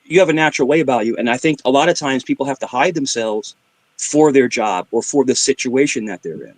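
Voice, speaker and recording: Recorded dry, this livestream guest is a middle-aged man of medium pitch who speaks a little fast. His casual, funny stories are animated, full of vocal sound effects and shifts into different voices.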